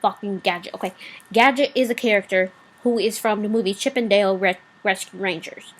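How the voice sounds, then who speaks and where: A woman's voice: medium pitch, fairly even intonation, brisk, low-quality recording. A woman vlogger delivering a blunt, profanity-laced rant, rambling with asides and fillers.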